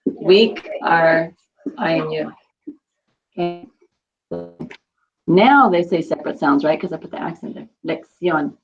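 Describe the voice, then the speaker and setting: A woman's voice: lowish voice, unhurried, pauses often, dull audio, soft background music. A woman teaching a Spanish class, patiently quizzing students and repeating their answers.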